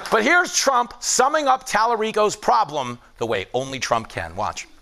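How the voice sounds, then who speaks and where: A man hosting a late-night comedy show, delivering a quick, jokey monologue and doing voices of others. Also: high-pitched, big pitch swings, gravelly, pushed and bright. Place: studio with live audience. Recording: audience laughter and noise behind.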